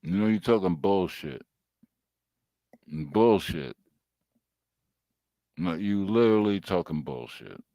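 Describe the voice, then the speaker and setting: A man's voice: low-pitched, animated, slow, long pauses, dark tone, dry recording. A man who is a guest on a live stream, answering back with dismissive, mocking retorts.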